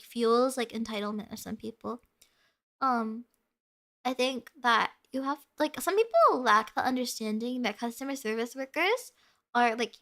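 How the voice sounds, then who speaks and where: On a casual stream, a young woman with a high, sparkling, crisp, bright voice reads and answers viewer comments. She's breezy, chatty and giggly, dropping "like" into nearly every phrase.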